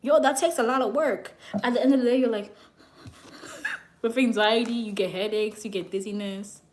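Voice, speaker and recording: A young woman who works as a psychic reader, telling a story to her viewers in a brash, animated way and swearing freely. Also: fairly high pitch, normal speed.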